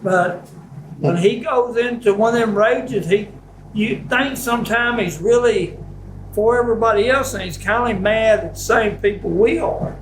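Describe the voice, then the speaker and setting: A man, telling stories in a casual interview in a rambling, halting, folksy way. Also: high-pitched, a little hiss or hum. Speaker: interviewee, stepfather.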